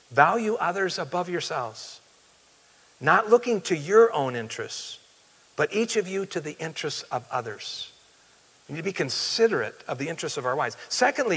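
A man's voice: a little high, bright, forceful tone. A male pastor preaching a sermon in an earnest, plain-spoken way, asking the congregation direct questions. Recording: long hall reverb.

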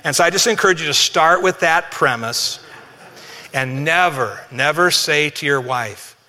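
A man preaches in a bright, fairly high voice, talking to his congregation in a relaxed way with some humor. His words ring out under the long reverb of a church hall. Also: a little slow. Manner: conversational, humorous, addresses congregation directly. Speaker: pastor. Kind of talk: sermon.

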